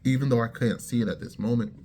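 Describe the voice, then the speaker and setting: A man's voice: medium pitch, fast talker, slight background noise. Man telling his faith testimony. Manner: lively storytelling, talks straight to listeners, acts out quoted lines. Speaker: testimony speaker. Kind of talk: personal testimony storytelling.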